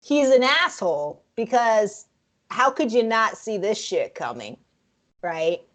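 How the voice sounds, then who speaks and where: A woman co-hosting a casual film review chat, frank and profane, speaking in an animated way. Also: a little high, takes it slowly. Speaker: podcast co-host.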